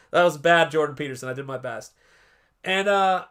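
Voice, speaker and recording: A man hosting a live stream, chatting casually in a rambling, animated way and often cutting himself off. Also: on the high side, normal speed, clear, resonant tone. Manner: rambling, animated, self-interrupting. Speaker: livestream host and artist.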